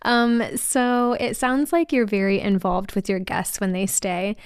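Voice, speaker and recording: A woman's voice: medium pitch, measured pace, clean tone, dry recording, studio quality. A woman hosting a podcast interview, asking questions and affirming her guest attentively.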